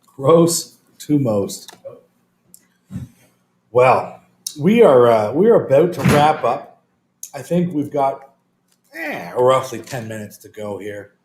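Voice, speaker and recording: A man's voice: mid-range voice, big pitch swings, a little slow, darkish tone. A man co-hosting a casual talk show, trading dry, self-mocking wisecracks and anecdotes. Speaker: co-host. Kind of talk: crude comedic casual chat. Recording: echoey room with faint noise.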